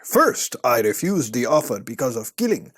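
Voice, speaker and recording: A man voicing a hitman who tells his own backstory in a vague, put-on accent and a lowered, solemn tone. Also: sing-song, moderate pace, husky. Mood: mock solemn.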